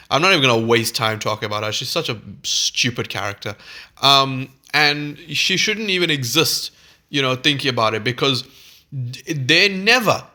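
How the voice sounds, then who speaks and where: A man's voice: medium pitch, sharp tone. A man giving a heated, exasperated film review, swearing freely and stumbling over restarts when worked up.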